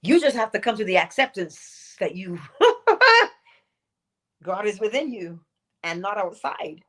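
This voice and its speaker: A woman's voice: mid-range voice, very animated, takes it slowly, fairly bright tone. A woman hosting a spiritual morning livestream talk, playful and laughing often as she acts out little quotes.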